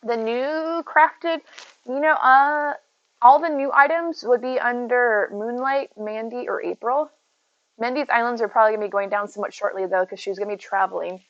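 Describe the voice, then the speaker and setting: A woman's voice: fairly high pitch, normal speed, no room sound, highs cut off. A woman streaming from home, chatting casually, greeting viewers by name and talking to her cat. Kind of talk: casual live-stream chat. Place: at home near her bed.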